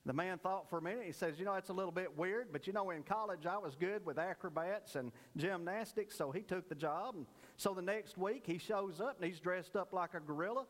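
Brief: male pastor, folksy storyteller turned earnest preacher, high-pitched voice, church reverb. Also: fairly quick, few pauses, a bit bright. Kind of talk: sermon with a told joke.

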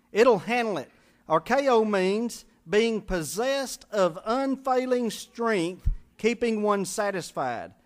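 Male preacher, high-pitched, folksy and humorous, teaching scripture from the pulpit. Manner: spells out Greek words letter by letter. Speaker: pastor. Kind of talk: sermon.

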